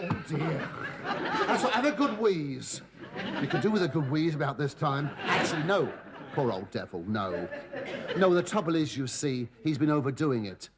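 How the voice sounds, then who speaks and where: An actor playing a cheeky middle-aged slave who tells the audience the prologue with camp, innuendo-laden asides. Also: male voice, fairly high pitch, very animated, normal speed, a crowd in the background, background noise. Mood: gossipy. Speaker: narrator of the prologue. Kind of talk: sitcom stand-up address. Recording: live studio audience laughter.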